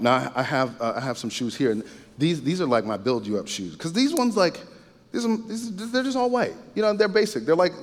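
A man's voice: on the high side, big-room sound. A man giving a casual sermon-style talk, conversational and repetitive, with frequent asides to his listeners. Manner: conversational, repeats himself, frequent asides to the audience. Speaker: speaker giving a faith-based talk.

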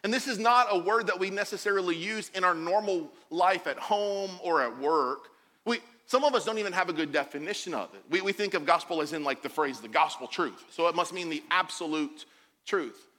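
A man in his forties preaching a sermon, animated and jokey, acting out the quotes he tells. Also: high-pitched, a little fast, in a large hall. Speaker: pastor.

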